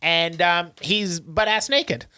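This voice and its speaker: A man's voice: high-pitched, slow, clean tone. A man co-hosting a podcast, casually recapping a movie plot with lots of "um"s and acted-out lines. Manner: animated storyteller, acts out lines, many "um"s. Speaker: podcast co-host.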